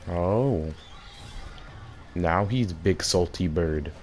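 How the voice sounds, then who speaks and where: A man giving casual, excitable commentary while playing a video game, shouting at the monster he is fighting and exclaiming often. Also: deep voice, very slow, slight background noise. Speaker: gaming streamer.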